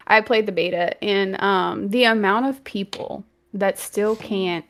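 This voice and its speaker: A woman with a Louisiana accent chats casually on a gaming podcast, talking from her home stream room through a desk mic over a video call. Her voice sits at a middle pitch, and she laughs easily. When she gets worked up, she turns loud and bubbly. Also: a little slow. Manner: animated, laughs often, voice rises when passionate. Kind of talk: casual chat. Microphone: earbuds with new desk mic, video call.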